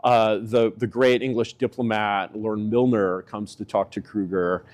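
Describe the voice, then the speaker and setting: A man giving casual spoken political commentary, rambling and leaning on filler words, with his pitch swinging up and down for emphasis. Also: fairly even intonation, a little slow, darkish tone.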